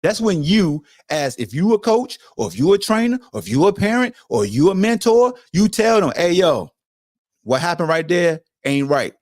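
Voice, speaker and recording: A man's voice: fairly high pitch, dry recording, studio quality. A middle-aged man hosting a podcast, telling football stories in a blunt, profane, emphatic way. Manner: animated, profane, emphatic storytelling. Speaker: podcast host, former football player. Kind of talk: casual monologue to a co-host.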